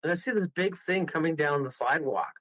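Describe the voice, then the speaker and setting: A man from Toronto, a guest medium, telling a rambling, excitable story with bursts of laughter. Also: on the high side, fast, no echo. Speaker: guest medium and paranormal investigator. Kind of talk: casual storytelling on a radio call. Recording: dull lo-fi radio audio.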